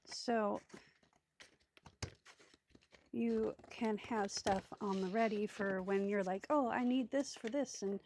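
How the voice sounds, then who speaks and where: A woman at her craft desk talks through her project in a loose, rambling way, full of ums and half-finished thoughts. Her voice sits at an ordinary middle pitch, recorded close, with faint clicks and handling noise behind her. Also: darkish tone. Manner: rambling, thinking aloud, many ums and trailing asides. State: hiccups. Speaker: craft video host. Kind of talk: casual crafting tutorial chat.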